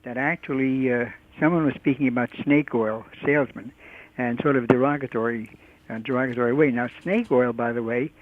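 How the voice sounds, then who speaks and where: A man's voice: mid-range voice, fairly even intonation, a little fast. A man calling in to a radio show, insistent and repeating his point. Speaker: caller. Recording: tinny phone line.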